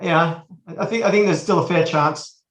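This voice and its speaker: A man's voice: high-pitched, normal speed, reverberant. An Australian man in his forties, a podcast guest, talking casually and rambling with many restarts. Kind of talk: casual chat.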